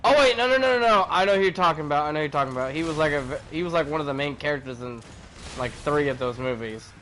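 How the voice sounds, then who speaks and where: A man's voice: a little high, very fast, slight background noise. Joking man streaming a game. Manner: animated, joking, swears freely. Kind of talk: casual gaming chat.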